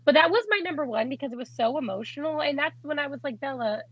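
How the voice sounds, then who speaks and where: A woman's voice: sits high, quick pace, dull audio. A young woman co-hosting a podcast, chatting in a bubbly, giggly way with lots of "like". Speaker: podcast co-host. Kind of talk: casual chat.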